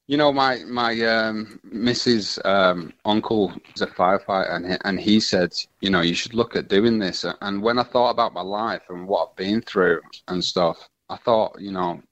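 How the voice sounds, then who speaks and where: A man, telling his story as a radio interview guest, halting and full of restarts. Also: sits low, a bit bright, no echo, highs cut off.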